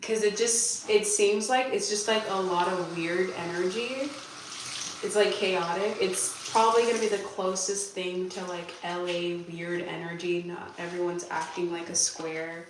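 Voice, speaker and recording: A woman's voice: fairly low pitch, fairly even intonation, measured pace, background noise. Chatty young woman with a Californian accent, casual rambling vlog talk; mic set far off, roomy bathroom echo. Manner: rambling, chatty, answers viewer questions aloud. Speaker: vlogger. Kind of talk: casual chat while cleaning. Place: bathroom at home. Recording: echoey bathroom, voice from afar.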